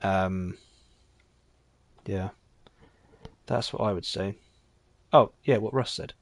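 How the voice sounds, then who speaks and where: A man giving casual, rambling commentary while streaming a game, chatting easily and getting excitable when the action heats up. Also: deep voice, slow. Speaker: gaming streamer.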